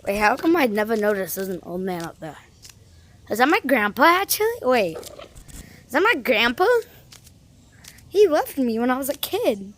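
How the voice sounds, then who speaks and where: A woman's voice: fairly high pitch, big pitch swings, normal speed, pauses often, fairly bright tone. A woman voicing a cheeky house cat who talks in slang, teasing and playful, as a comic voice-over for a pet video. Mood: baffled.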